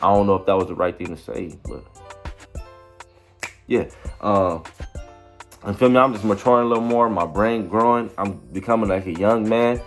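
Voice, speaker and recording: A young man tells a story in a loose, rambling way, leaning on slang and checking in with "you feel me" again and again. His voice sits on the low side, with faint music playing underneath. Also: normal speed, long pauses. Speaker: vlogger. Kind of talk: casual storytelling.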